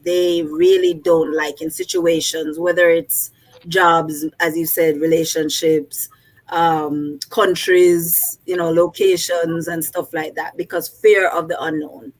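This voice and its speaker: A woman's voice: on the low side, flat delivery, takes it slowly. A woman guest on a talk show, chatting casually with many fillers and reading a poem aloud. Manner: conversational, many "you know" fillers. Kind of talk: casual chat and poetry reading.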